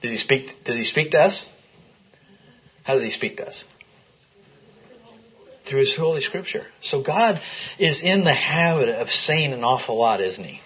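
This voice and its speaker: A man with a slightly husky voice teaches scripture to a small group in a room. He reads passages aloud and keeps stopping to put questions to his listeners. The recording sounds muffled and lo-fi. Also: mid-range voice, expressive, measured pace, long pauses. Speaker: Bible study teacher. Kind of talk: interactive Bible teaching. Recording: dull lo-fi recording.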